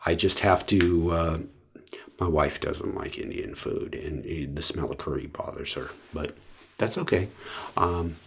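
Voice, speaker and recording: A male vlogger from the US West Coast talks casually to the camera in a husky bass voice, a little slowly. He rambles, with lots of fillers and restarts.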